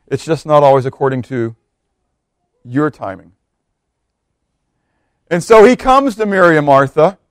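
A man preaching a sermon, swinging from loud emphatic bursts to hushed quiet lines. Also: sits high, no room sound, studio quality.

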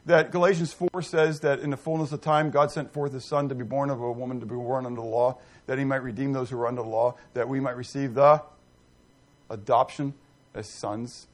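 A man's voice: mid-range voice, steady tone, fairly quick. A middle-aged man preaching a sermon, reading scripture and putting questions to the congregation with emphasis. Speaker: pastor.

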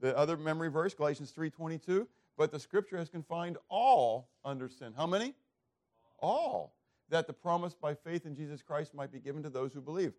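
A male pastor delivering a sermon in a slightly higher voice. He reads scripture aloud and keeps asking "what?" so the listeners fill in the answer. His loudness rises and drops off sharply. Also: lively intonation, brisk. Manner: call-and-response questions, emphatic swings in loudness.

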